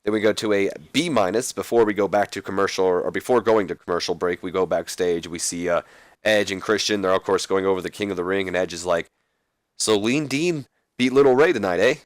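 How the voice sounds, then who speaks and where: A man's voice: deep voice, steady tone, fast, no echo. A young man casually recapping a wrestling game as a let's play host, rambling a little. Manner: casual, rambling, reads out scripted lines.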